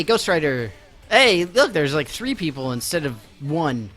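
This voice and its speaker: Chatty young man streaming a game, bright voice. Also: on the high side, sing-song, a little slow. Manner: chatty, self-mocking, talks to chat while playing. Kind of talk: casual live-stream chat. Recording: game music playing faintly behind.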